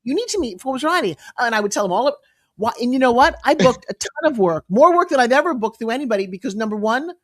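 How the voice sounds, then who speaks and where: A middle-aged woman being interviewed as a guest, telling her stories in a lively, emphatic way with quick asides. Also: a little high. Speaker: guest, entrepreneur and pitch coach. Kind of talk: animated storytelling interview.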